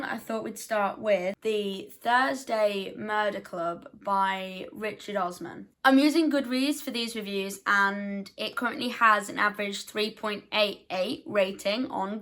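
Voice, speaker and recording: A young woman chatting to camera as a book vlogger. She talks in a self-deprecating way and fires off quick, defensive asides. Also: mid-range voice, a bit bright. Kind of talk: casual chat to camera.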